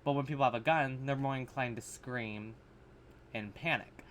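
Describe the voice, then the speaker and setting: A man's voice: medium pitch, moderate pace, a bit bright, a little hiss or hum. A man casually reacting to horror short films, blunt and sarcastic, swearing freely and restarting his sentences. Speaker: reaction video host.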